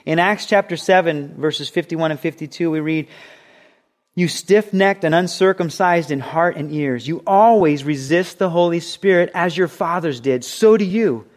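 A man preaching a sermon, animated, acting out quoted voices as he teaches. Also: on the high side, moderate pace. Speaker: pastor.

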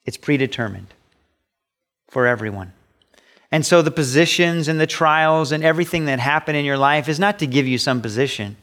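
A middle-aged man preaching a sermon as pastor, emphatic, rising high when he acts out voices. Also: moderate pace, a bit bright. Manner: emphatic preaching, pitch rising sharply on quoted asides.

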